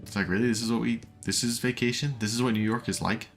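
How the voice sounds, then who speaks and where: Faint music plays behind an American man who talks fast in a steady, mid-range voice during a casual game stream. He rambles while building and reads chat aloud, sounding fatigued and sore after hours of speaking.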